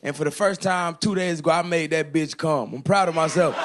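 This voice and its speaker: A man's voice: a little high, brisk, hardly any pauses, slight background noise. A young man doing a brash, swaggering stand-up set on a club stage. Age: young adult. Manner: brash, swaggering, loud bursts. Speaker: stand-up comedian.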